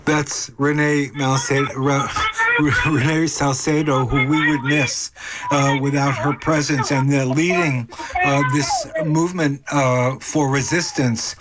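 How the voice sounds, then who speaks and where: A man's voice: mid-range voice, fairly even intonation, takes it slowly, heavy background noise. A man hosting a radio interview, often restarting his questions as he talks. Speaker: radio show host.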